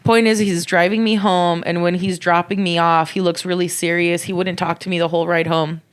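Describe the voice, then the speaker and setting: A woman's voice: on the low side, little pitch movement, brisk, slight background noise. A young woman co-hosting a podcast, telling a candid story in a casual, sweary way and acting out the quotes. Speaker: podcast co-host.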